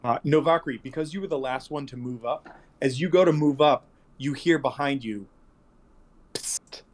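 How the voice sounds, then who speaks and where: A man's voice: medium pitch, brisk. A man narrating as game master of a tabletop game, rambling and correcting himself with many fillers.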